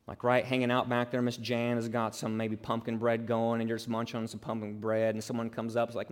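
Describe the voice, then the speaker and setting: A man preaching a sermon as pastor, emphatic and conversational, acting out quotes and building to loud peaks. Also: mid-range voice, completely flat delivery, brisk, hardly any pauses. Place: church sanctuary. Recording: reverberant hall.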